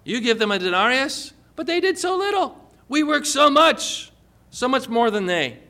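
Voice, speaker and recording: A preacher acting out a group of bitter male workmen, grumbling and indignant in a high, sharp voice. They protest with a tense, complaining edge, as he plays them in his sermon. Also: sing-song, normal speed, exaggerated voice.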